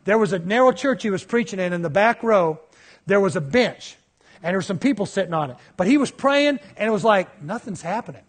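Male preacher, 50s, high-pitched, animated sermon storyteller. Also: a little fast.

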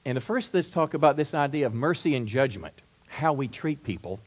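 A middle-aged man preaching a sermon, stumbling and repeating words, swinging from soft asides to loud build-ups. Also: medium pitch, expressive, normal speed. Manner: repeats words and restarts, acts out quoted voices. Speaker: pastor.

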